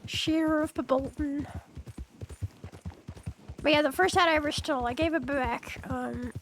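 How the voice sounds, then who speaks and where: A woman's voice: high-pitched, measured pace, a little hiss or hum. A woman playing a young orphan street thief in a western game roleplay, chatty and stammering with many restarts. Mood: eager. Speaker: roleplay streamer.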